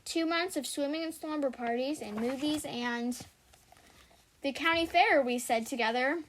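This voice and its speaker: Woman reader with a high voice, steady and careful, reading a children's chapter book aloud. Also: measured pace, slight background noise, low-quality recording. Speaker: audiobook reader.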